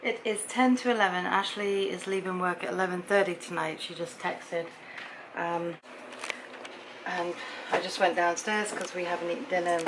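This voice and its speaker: Chatting casually to camera at normal speed, a tired-sounding, middle-aged woman from Britain tells stories and voices both sides of every exchange. Her voice is fairly low and steady, with background noise in the recording.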